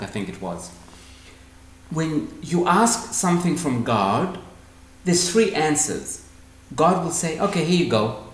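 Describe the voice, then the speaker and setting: A man telling stories in a talk, acting out quoted dialogue in other voices. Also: on the high side. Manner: animated, acts out quoted dialogue. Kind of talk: storytelling talk answering questions. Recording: echoey room.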